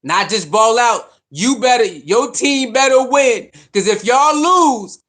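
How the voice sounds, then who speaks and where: A man's voice: very high-pitched, takes it slowly, hardly any pauses. A man giving a heated, repetitive casual rant about a football team's quarterback choices. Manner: animated, repetitive, preachy. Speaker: sports commentator.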